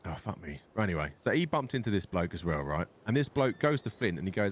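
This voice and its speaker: Husky and low-pitched, his voice swings widely in pitch as he speaks quickly with few pauses. This young Londoner, playing a gang leader in roleplay chat, rambles through a long story and swears constantly.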